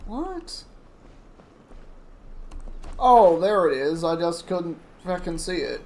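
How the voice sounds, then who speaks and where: Over game music, a man with a fairly high voice and a moderate pace streams a video game. He keeps up casual gameplay commentary, chatting easily and reacting aloud to whatever happens on screen.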